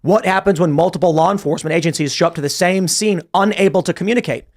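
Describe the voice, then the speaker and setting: A man hosting a political panel show, talking fast and acting out quoted shouts as he tells stories. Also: high voice. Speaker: host.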